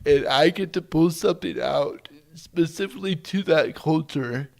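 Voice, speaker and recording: A man with a fairly high, gravelly voice appears as a guest on a podcast interview, recorded with no echo. He tells stories and speaks about faith slowly, deliberately, and earnestly.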